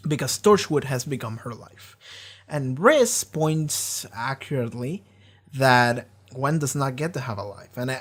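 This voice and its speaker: A man gives casual commentary on a TV episode he has just watched. His voice sits at an ordinary middle pitch, and he rambles, restarting his thoughts and peppering them with fillers and swearing. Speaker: show reaction host.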